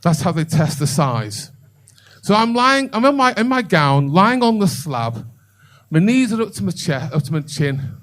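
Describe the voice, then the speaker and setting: A man's voice: sits high, very animated, moderate pace, fairly bright tone. An older man doing a bawdy stand-up comedy set in a comedy club, telling a story and chatting with the crowd.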